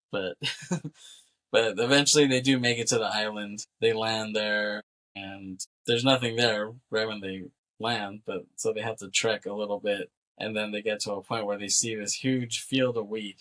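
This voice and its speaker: Co-hosting a movie recap podcast, this man has a somewhat bright, low voice with fairly even intonation and a measured pace. He retells the film's story in a casual chat, performing the characters' dialogue while laughing and cursing.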